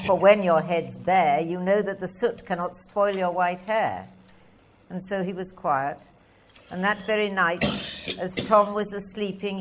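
A woman reading poems aloud in a measured recitation. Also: fairly low pitch, slight background noise. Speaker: poetry reader. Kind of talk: poetry reading.

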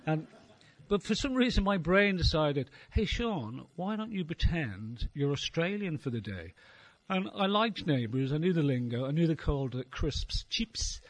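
Wry Irish comic, a touch high. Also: male voice, very animated, moderate pace, hardly any pauses, dry recording. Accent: Irish, Dublin. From Ireland. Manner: wry, rambling, swears freely. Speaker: stand-up comedian and poet. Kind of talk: stand-up comedy set. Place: live venue before an audience.

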